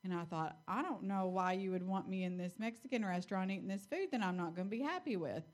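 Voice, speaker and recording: A woman's voice: medium pitch, animated. Chatty woman giving church testimony. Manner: chatty, quick storytelling. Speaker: church member telling a story. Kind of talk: personal testimony.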